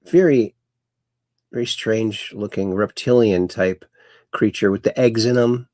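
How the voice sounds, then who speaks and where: A man's voice: on the low side, unhurried, darkish tone, dry recording, clean studio sound. A man hosting a casual livestream, reading out viewer comments and chatting along in a rambling, folksy way that often repeats itself. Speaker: livestream host.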